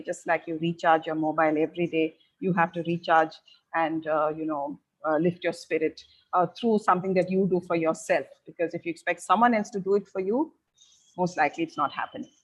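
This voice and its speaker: A middle-aged woman giving parents measured advice, pausing often on fillers as she explains. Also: lowish voice, steady tone, rough recording. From India. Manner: measured and advisory, with frequent filler pauses. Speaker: parenting educator.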